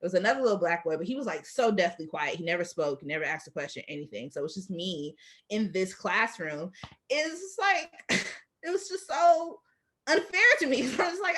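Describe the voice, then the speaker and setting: A woman's voice: medium pitch, lively intonation, a little fast, fairly bright tone. A young woman, a guest on an interview show, telling a childhood story in casual chat, laughing often and acting out the voices of people she quotes.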